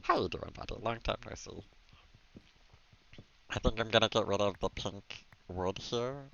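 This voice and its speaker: A man's voice: fairly low pitch, a little slow, gravelly, sharp tone. A man streaming a game from a room at home, chatting casually and giggling as he talks to his viewers and his pet. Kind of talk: casual live-stream gameplay commentary. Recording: slightly dull stream mic audio.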